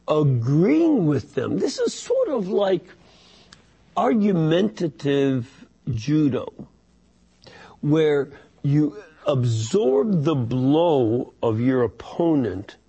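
A man teaching a Bible study, reading passages and explaining them in an unhurried way with many fillers and restarts. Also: on the high side, dark tone, husky.

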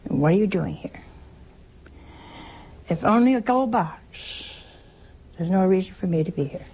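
A woman's voice: mid-range voice, lively intonation, measured pace, dark tone, slightly rough. A woman giving a sermon-style teaching talk, with teasing humor and many rhetorical questions. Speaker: religious teacher.

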